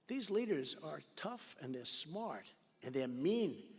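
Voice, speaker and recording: A man's voice: a little high, big pitch swings, slow pace. A man in his seventies giving a boastful rally speech, telling stories and acting out the dialogue. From United States. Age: 70s. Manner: boastful storytelling with acted-out quoted dialogue. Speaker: politician at a campaign rally. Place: large campaign rally venue. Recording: long reverb of a large rally venue.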